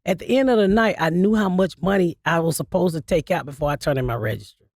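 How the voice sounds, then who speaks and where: A woman's voice: lowish voice, fast talker, darkish tone, dry recording, studio quality. A woman comedian in her fifties, a blunt and profane storyteller who laughs through her stories as a guest. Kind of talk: casual interview storytelling.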